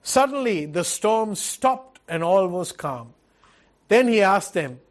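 A man's voice: high-pitched, animated, slow pace. A man preaching a sermon as pastor, earnest, asking rhetorical questions and repeating key phrases.

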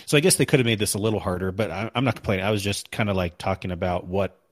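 A man's voice: on the low side, racing, dry recording. A man co-hosting a casual gaming podcast, rambling and correcting himself as he recalls story missions. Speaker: podcast co-host.

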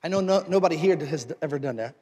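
A male pastor preaching a sermon, moving from conversational talk to forceful exhortation. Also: on the high side, animated, fast talker, long reverb tail.

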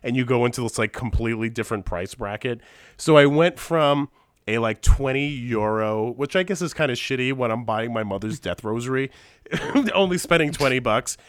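Man, congested, animated storyteller, casual podcast chat, dry close mic. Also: medium pitch, normal speed, no echo. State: congested from a sinus infection. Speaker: podcast regular.

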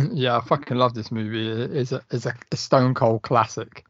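A man's voice: mid-range voice, steady tone, normal speed, dry recording, dull audio. A man chatting eagerly and swearing on a film podcast. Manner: enthusiastic, sweary. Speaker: podcast co-host. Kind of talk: casual film podcast chat.

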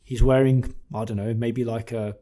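A man's voice: medium pitch, flat delivery, normal speed, warm tone. A man co-hosting a casual car chat, telling stories with mock-dramatic build-ups and plenty of swearing. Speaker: car podcast co-host.

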